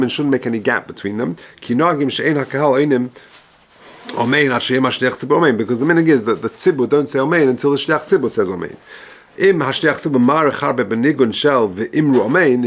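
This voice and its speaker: Man reading and explaining religious text. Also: mid-range voice. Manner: reads Hebrew-Aramaic text then explains in English, measured and halting. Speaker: rabbi teaching halacha. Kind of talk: text study lesson, reading and translating.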